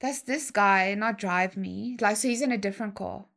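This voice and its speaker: A young adult woman, telling a story in a slangy, animated way and acting out other people's lines. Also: mid-range voice, moderate pace, creaky. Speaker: guest DJ. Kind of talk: casual storytelling chat.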